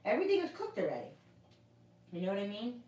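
A woman's voice: mid-range voice, huge pitch swings, quick pace, a little mellow, far from the mic. A middle-aged woman hosting a cooking livestream, chatting casually and telling a story in a rambling, repetitive way with many restarts. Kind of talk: casual chat while cooking. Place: home kitchen. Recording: echoey room, voice away from the mic.

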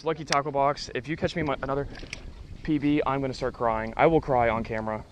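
A man fishing from a boat outdoors, talking casually to viewers and breaking into excited exclamations. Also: medium pitch, fast, noisy background. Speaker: angler. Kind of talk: casual fishing vlog commentary.

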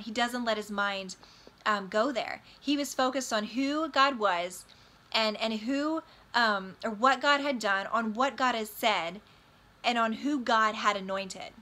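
A woman's voice: a little high, sharp tone. A woman teaching a Bible study in an earnest, emphatic way.

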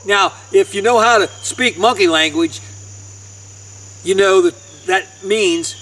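Folksy singer: high-pitched man, rambling joke-teller, recorded from a distance. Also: slow pace, sharp tone. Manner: rambling, repeats words as he goes. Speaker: singer and guitarist. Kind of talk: folksy joke telling between songs. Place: outdoors in the woods. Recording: distant mic with guitar.

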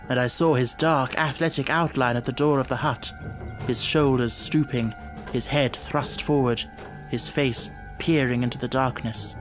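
A man narrating an audiobook in a steady, dramatic storytelling manner. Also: medium pitch, unhurried, faint music behind.

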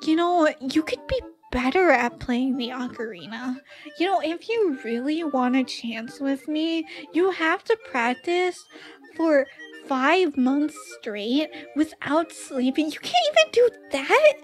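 Girl putting on a yandere girlfriend voice, high and nagging, slow and pushy. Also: animated, faint music behind, low-quality recording. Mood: scolding. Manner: scolding, nagging. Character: possessive yandere young girl, clingy and threatening.

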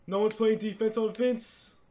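A gaming YouTuber gives excitable live gameplay commentary at an unhurried pace. He swings between low muttering and loud shouts and keeps repeating catchphrases.

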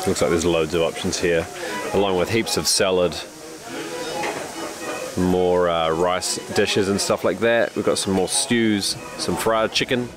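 A man's voice: low-pitched, steady tone, measured pace, crowd noise. A young man with a New Zealand accent, chatting and describing food on location as he films his travel vlog aboard a cruise ship. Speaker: travel vlogger. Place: aboard a large cruise ship, indoors and on deck. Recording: loud ambient ship noise.

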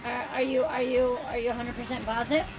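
Talking at a quick pace in a level tone, a woman with a slightly high voice streams a racing game. She chats cheerfully with friends and viewers, laughing often as background music plays.

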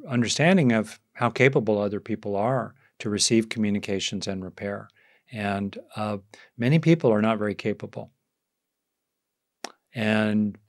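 A man teaching on a live video call, reflective and conversational, with frequent fillers and restarts. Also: lowish voice. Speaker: meditation teacher hosting a Q&A. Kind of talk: live online talk with questions.

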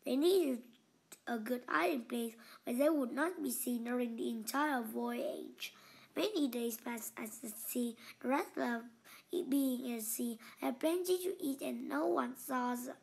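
Slow, high-voiced woman reading a storybook. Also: gravelly, darkish tone. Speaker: narrator. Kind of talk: storybook read-aloud.

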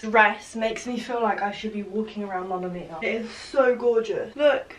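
A woman's voice: medium pitch, normal speed. A young woman in her twenties doing a bubbly, casual try-on haul, chatting constantly with lots of "like" and "literally". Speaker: fashion vlogger. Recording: roomy, distant camera audio with light hiss.

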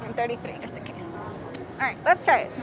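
A woman's voice: fairly high pitch, fairly quick. A woman vlogging live from a casino table, calling her bets and laughing and cheering often. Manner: giggly, excitable, cheering. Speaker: gambling vlogger. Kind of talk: live table-game commentary. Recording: noisy casino floor.

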